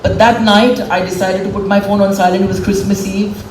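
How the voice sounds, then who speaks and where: A woman's voice: medium pitch, level tone, brisk, darkish tone. A middle-aged woman speaks candidly and with emotion at a public event. Her voice is picked up from a distance in a roomy hall with reverb. Faint room noise hums behind her. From India. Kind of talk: public speech.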